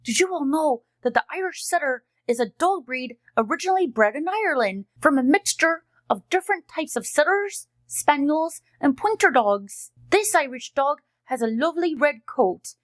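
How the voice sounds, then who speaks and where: A cheerful friendly dog host, played by a woman, chatting sweetly and teaching kids as she unboxes. Her voice is high and close, with a dry sound that has no room around it. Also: animated, normal speed, hardly any pauses, no echo. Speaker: host of a kids' unboxing video. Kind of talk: kids' educational unboxing narration.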